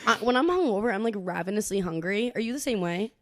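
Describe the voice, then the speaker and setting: A woman's voice: medium pitch, quick pace, no room sound. A young woman co-hosting a podcast in casual chat, telling stories with lots of acted-out quotes and frequent laughter. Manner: animated storytelling, acts out quotes, laughs often. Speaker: podcast co-host.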